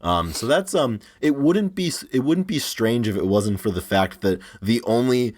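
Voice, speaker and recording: A man's voice: medium pitch, animated, moderate pace, a little mellow. A young man in his twenties, co-hosting a podcast, telling rambling stories with many restarts and frequent laughs. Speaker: podcast co-host. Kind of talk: casual podcast chat.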